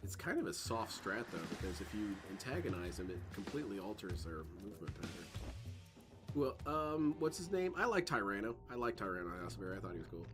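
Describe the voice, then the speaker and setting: A man talking over a stealth game with a lively, swooping pitch, wandering from the play into joking side-stories. Game music plays clearly underneath his casual, rambling commentary. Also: a little fast. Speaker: let's play host. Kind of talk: gameplay commentary.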